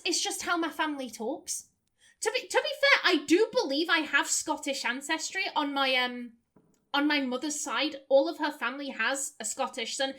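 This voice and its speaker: A woman's voice: high-pitched, pushed and bright. Chatty Lancashire woman playing a game. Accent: Lancashire, softened toward standard British. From Lancashire, England. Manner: chatty, rambling, stumbling restarts, laughing asides. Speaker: game streamer. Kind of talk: casual let's play commentary.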